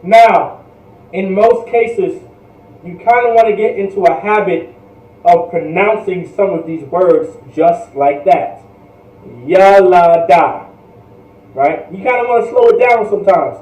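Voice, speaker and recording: Man, high-pitched teacher, slow drilling delivery, echoey and off-mic. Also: darkish tone, far from the mic. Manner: patient, repeats words slowly, says "all right?" often. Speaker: language class teacher. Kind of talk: online language lesson.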